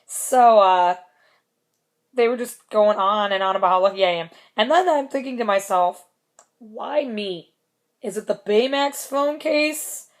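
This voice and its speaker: A woman's voice: mid-range voice, moderate pace. A young woman casually telling a concert story in a vlog, chatty, laughing often, with plenty of swearing.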